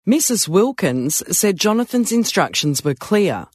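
A man narrating a story in a calm, measured way. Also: on the high side, no room sound, studio quality.

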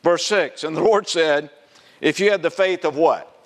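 A man's voice: fairly high pitch, normal speed. A man from South Carolina with a Southern American accent, preaching a sermon and asking the audience questions as he goes. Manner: animated, asks the audience questions, acts out quoted voices. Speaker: pastor.

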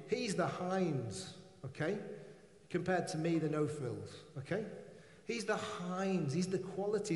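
A man's voice: high-pitched, darkish tone, in a large hall. A man preaching a sermon in a conversational way, checking in with listeners and adding humorous asides.

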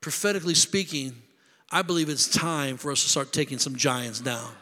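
A man preaching a sermon as pastor, building into shouted preacherly crescendos. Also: mid-range voice, normal speed, long reverb tail. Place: church sanctuary.

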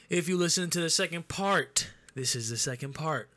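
A man's voice: a little high, moderate pace, sharp tone. A man hosting a podcast, chatting loosely about sports with plenty of swearing. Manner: loose, profane sports banter. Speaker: podcast host. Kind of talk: casual podcast chat.

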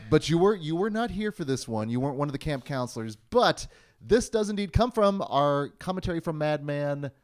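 A man hosting a podcast in a casual chat, talking in an animated, wordy way with playful puns. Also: on the high side, brisk. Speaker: podcast host.

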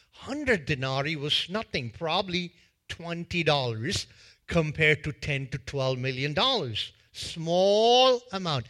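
A male pastor giving a sermon in a church, retelling a parable in an animated way and acting out its scenes with a volunteer. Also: a little high. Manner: animated storytelling that acts out scenes.

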